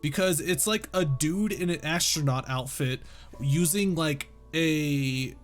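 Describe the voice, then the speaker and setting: A man with a fairly high voice reads a novel to his chat slowly while streaming casually, faint music behind him. Between lines he jokes, swears freely and laughs a lot.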